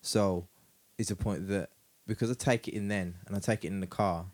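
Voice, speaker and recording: A man co-hosting a podcast, chatting casually, animated and laughing often. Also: deep voice, normal speed. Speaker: podcast co-host. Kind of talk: casual chat.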